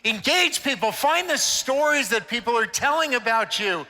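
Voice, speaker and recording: In a large, echoing hall, an older man gives an inspirational conference talk to church leaders, joking and spinning playful stories. His very high voice is pushed and bright, with lively intonation at a moderate pace.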